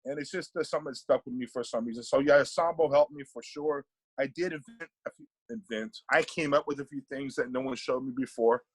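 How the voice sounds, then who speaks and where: A man's voice: mid-range voice, brisk, slightly rough, dry recording, poor audio. A middle-aged man from Panama, a guest in a casual podcast interview, talking animatedly and often repeating words as he thinks.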